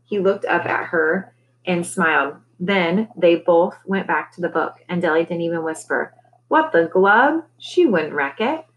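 A woman teacher reading a novel aloud to her class, relaxed, with conversational asides between chapters. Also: on the low side, normal speed, slight background noise, poor audio.

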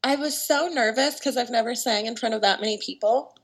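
A young woman with a morning voice, a guest singer-songwriter chatting casually in a podcast interview, full of "like" and "um" and quick laughs. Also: a little high. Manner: chatty, laughs often, many fillers like "like" and "um".

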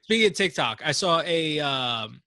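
A man's voice: on the high side, animated, moderate pace, sharp tone, no room sound, studio quality. A man hosting a podcast, chatting casually in a joking, rambling way and swearing freely. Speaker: podcast host. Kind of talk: casual chat.

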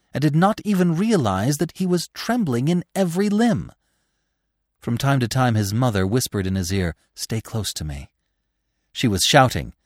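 A man narrating a classic novel for a podcast, dramatic, dropping to a hush and then rising to loud passages. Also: mid-range voice, dry recording, studio quality. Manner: dramatic, with big swings between hushed lines and loud ones.

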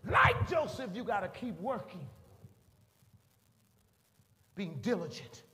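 A man preaching a storytelling sermon, animated and acting out scenes, rising to shouts at the peaks, in a roomy hall. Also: sits high, slow pace.

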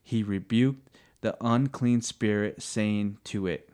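A man sharing scripture in casual faith talk, earnest and halting, often searching for words. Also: on the low side, a little mellow.

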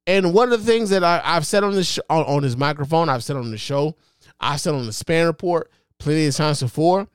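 A man's voice: a little high, a little fast, smooth, no room sound. A man hosting his own podcast, giving impassioned, profane solo commentary with lots of repetition and emphasis into a close mic. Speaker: podcast host.

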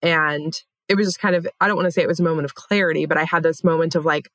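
Low-voiced candid woman podcast co-host. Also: steady tone, very fast, few pauses, fairly bright tone, no echo. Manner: candid, swears freely. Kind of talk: casual chat.

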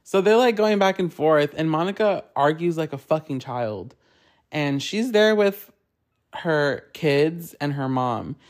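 A man's voice: on the high side, measured pace. Rambling, gossipy man hosting a podcast. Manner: rambling, animated, swears often, lots of "like". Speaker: podcast host. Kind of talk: casual gossip chat.

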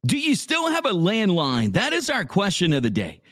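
A man's voice: sits high, huge pitch swings, moderate pace, fairly bright tone, no echo. A man hosting a live radio morning show from a small office studio, talking in a laid-back, chatty way and reading sponsor plugs. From Louisiana. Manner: laid-back, chatty, says dude a lot. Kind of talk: casual live radio talk with ad reads.

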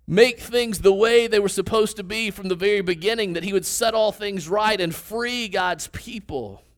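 Male preacher, high voice, conversational teaching delivery with questions to the congregation. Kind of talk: sermon.

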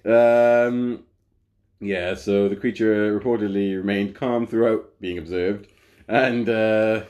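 A man's voice: on the low side, fairly even intonation, slow, a little mellow. A man co-hosting a podcast in casual chat, rambling with many fillers and frequent laughs. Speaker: podcast co-host.

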